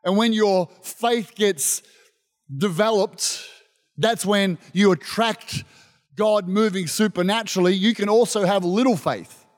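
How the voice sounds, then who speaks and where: A man preaching a sermon as pastor, animated and emphatic, calling out to his congregation. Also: high voice, unhurried. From Australia. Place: church service. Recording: long reverb of a church hall.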